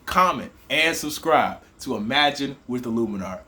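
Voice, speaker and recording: A young man with a Southern accent, hosting a lively hip hop writing lesson and talking straight to his students. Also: mid-range voice, normal speed. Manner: animated, rhythmic, addresses viewers directly. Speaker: teacher, host of the show.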